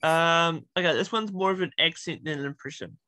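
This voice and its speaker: A woman hosting a casual game-style interview, bubbly and teasing and quick to giggle. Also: sits low, pushed and bright, no room sound. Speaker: interview host.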